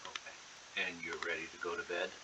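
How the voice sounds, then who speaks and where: A man, a parent checking in, gently asking short questions about homework and bedtime. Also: low voice, level tone, a little fast, low-quality recording.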